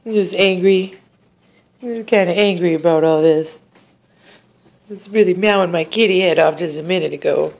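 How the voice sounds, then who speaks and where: A woman's voice: fairly low pitch, normal speed, vocal fry, long pauses, a little mellow. A woman voicing her sulky, fed-up male tuxedo cat as he complains in a pet video. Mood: grumpy.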